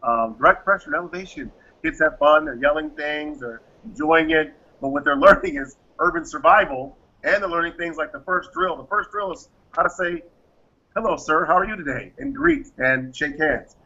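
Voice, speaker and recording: A man with a gravelly, slightly husky voice that swings widely up and down as he explains his methods and acts out quoted exchanges. His tone is bright and forceful. The audio is dull and lo-fi. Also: a little high, big pitch swings, normal speed, hardly any pauses. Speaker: guest, private security firm founder. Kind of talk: interview answers, explaining.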